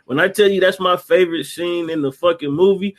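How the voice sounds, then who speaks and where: Animated high-voiced man riffing on a movie. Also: fairly quick. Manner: animated, laughing, acting out movie lines. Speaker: podcast co-host. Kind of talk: casual movie chat.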